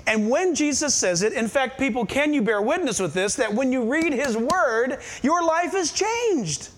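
High-voiced preacher, animated and questioning. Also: male voice, normal speed, slight background noise. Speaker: pastor. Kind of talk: sermon.

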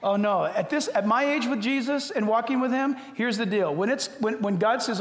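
An older man preaching a sermon as a pastor, joking and animated, dropping suddenly to a quiet voice. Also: sits high, moderate pace, few pauses. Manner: humorous, animated storytelling with sudden drops to quiet. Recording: echoey hall.

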